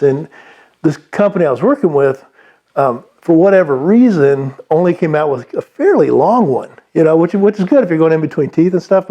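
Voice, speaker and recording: Mellow-voiced man giving rambling sales advice. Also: a little high, dull audio. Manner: rambling, many restarts and fillers. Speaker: sales trainer. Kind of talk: unscripted sales advice talk.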